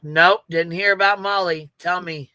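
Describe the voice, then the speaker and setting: A man's voice: sits high, steady tone, normal speed, pushed and bright, clean tone, no room sound. A man hosting a livestream, talking bluntly in casual commentary and swearing constantly. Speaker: livestream host.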